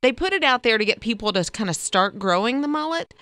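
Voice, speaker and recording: A woman co-hosting a morning radio show, chatting casually, reacting quickly and laughing often. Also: on the high side, lively intonation, a bit bright, no room sound.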